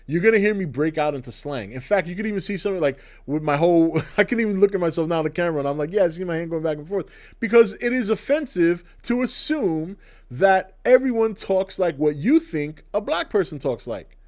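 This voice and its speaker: A man's voice: high-pitched, lively intonation, fairly quick, darkish tone. A middle-aged man hosting his own video channel, giving a blunt, sarcastic opinion rant to the camera. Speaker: channel host. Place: indoors, to camera.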